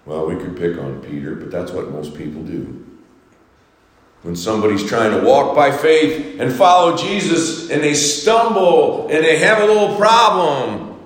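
A man preaching a Sunday sermon as pastor, swinging from soaring exhortations to hushed, quiet lines. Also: medium pitch. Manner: preaching with sweeping rises and hushed drops. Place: church sanctuary. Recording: echoey reverberant hall.

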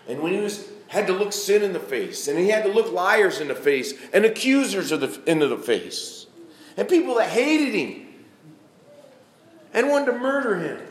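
A man in his fifties with a fairly high-pitched voice preaches a sermon, reading scripture and acting out quoted pleas with rising intensity. The room is echoey with faint ambience, plus a little hiss or hum.

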